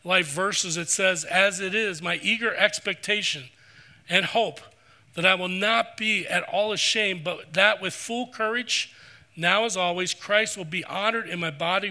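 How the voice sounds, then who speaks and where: Pastor, male, middle-aged: high, very bright sermon delivery, earnest. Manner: earnest, preacherly, slows for scripture. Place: church sanctuary.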